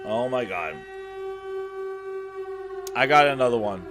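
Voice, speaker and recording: A man hosting a casual gaming podcast, talking with mock-dramatic, sarcastic hype, stammering and trailing off quietly. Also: medium pitch, lively intonation, slow, background noise. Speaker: podcast host.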